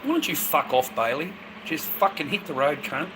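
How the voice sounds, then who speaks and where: An Australian man in a profane, rambling casual chat to viewers, breaking into loud bursts. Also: a little high, lively intonation, normal speed, noisy background.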